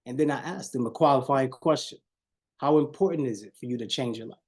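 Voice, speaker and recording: A man's voice: mid-range voice, brisk, a little mellow. A man with leading a live online sales coaching call, preachy and repetitive, often addressing the audience as y'all and shifting his tone on purpose.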